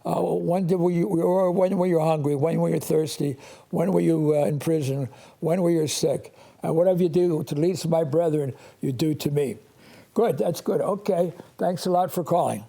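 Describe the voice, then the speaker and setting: A man in his eighties, a priest hosting a call-in show, telling stories in a halting, rambling way with many restarts and chuckles. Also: on the high side, gravelly, dark tone. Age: 80s.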